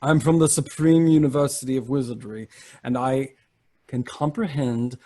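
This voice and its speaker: A man's voice: medium pitch, steady tone, moderate pace, mellow, close to an everyday voice. A man voicing a fussy, haughty male stage magician in a tabletop game. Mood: indignant.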